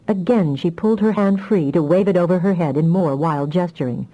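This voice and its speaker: Woman, audiobook narration, measured, low voice, dark mellow timbre. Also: low-quality recording.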